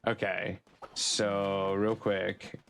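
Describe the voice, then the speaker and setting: A man streaming a game live, reacting excitably and muttering the same phrases over and over as things go wrong. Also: extremely slow, vocal fry, a little hiss or hum. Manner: excitable, yelps up high when things go wrong; repeats phrases, mutters to himself. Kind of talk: live gameplay commentary.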